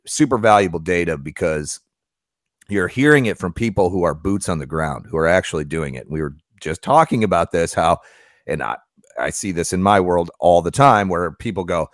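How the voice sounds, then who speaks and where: A man's voice: low voice, expressive, moderate pace, dry recording, studio quality. A man hosting a casual podcast, reading an ad and chatting energetically with his co-hosts. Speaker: podcast host. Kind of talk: casual podcast chat and read ad.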